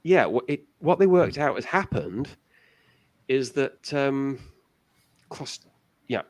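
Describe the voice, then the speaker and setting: A man's voice: medium pitch, sing-song, takes it slowly. A man as a guest on a casual talk show, giving long explanations with many restarts.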